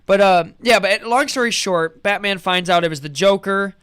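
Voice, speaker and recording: Bright, high-voiced eager man. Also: moderate pace, smooth. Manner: eager, rambling storyteller. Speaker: host. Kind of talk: casual chat on a live stream.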